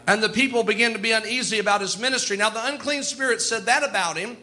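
A man's voice: high-pitched, fast, pushed and bright. A man preaching a sermon in a folksy, storytelling way. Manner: folksy, storytelling, chuckles often.

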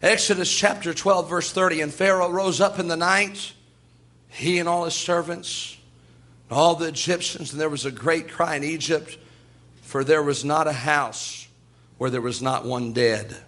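A man's voice: fairly high pitch, fairly even intonation, moderate pace, a bit bright. A man preaching a sermon with fervor, quoting scripture and acting out quoted voices.

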